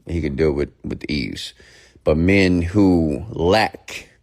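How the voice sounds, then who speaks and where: A man giving a blunt, lecturing motivational monologue, sometimes dropping to a hushed near-whisper. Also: sits low, slow pace. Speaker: motivational speaker.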